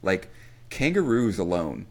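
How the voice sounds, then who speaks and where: A man's voice: sits low, very animated, measured pace. A young man co-hosting a podcast, rambling and swearing in casual banter. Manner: profane, rambling, laughs at own jokes. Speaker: podcast co-host.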